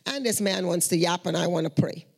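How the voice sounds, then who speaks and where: Husky, gravelly woman telling testimonies. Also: on the low side, brisk. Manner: earnest, conversational, acts out quoted voices. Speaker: Christian speaker sharing prayer testimonies. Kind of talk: spoken testimony storytelling.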